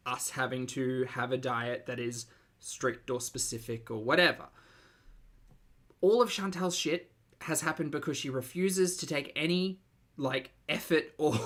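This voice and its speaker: A man talks through a live stream in a loose, blunt way, with plenty of fillers and the odd swear word. His voice is bright and forward, sitting at an ordinary middle pitch. He breaks off now and then to greet viewers and read out their questions. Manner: blunt, swearing, filler-heavy, reads viewer chat aloud. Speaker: commentary streamer. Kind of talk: casual live-stream commentary.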